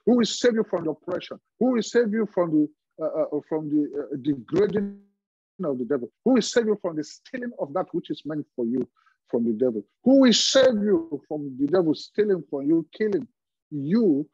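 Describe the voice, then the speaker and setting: Fervent pastor with a husky, mellow voice. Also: male voice, fairly high pitch, no room sound, dull audio. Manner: fervent preaching with repetition and emphatic pauses. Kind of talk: sermon.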